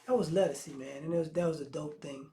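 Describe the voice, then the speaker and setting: Man, channel host, high voice, easygoing slangy commentary. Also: fast talker, slight background noise. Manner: relaxed and conversational, with slang and restarts. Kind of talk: casual video commentary.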